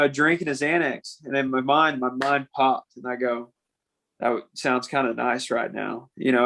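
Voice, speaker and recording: Earnest young man with a flat voice. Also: mid-range voice, rough recording. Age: young adult. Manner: earnest, halting, repeats words, says "man" often. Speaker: podcast guest. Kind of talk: candid conversation.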